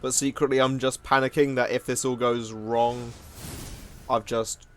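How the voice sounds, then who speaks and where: A man's voice: medium pitch, little pitch movement, a little slow. A man giving casual, self-mocking commentary while playing a card game, often laughing at himself. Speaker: gaming video host.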